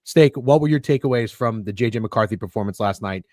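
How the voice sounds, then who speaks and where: A man's voice: lowish voice, fairly quick, a little mellow, no room sound, clean studio sound. A man hosting a sports podcast, steering the panel and citing stats in a casual, frank tone. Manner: leads the discussion, cites stats. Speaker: podcast host.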